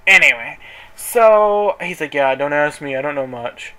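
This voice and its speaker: A man's voice: fairly high pitch, animated, unhurried, bright, forceful tone, clear, resonant tone, rough recording. A man telling a story in a casual vlog, chatty and sassy, dramatically quoting people while folding clothes at home. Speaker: vlogger. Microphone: camera in front of him.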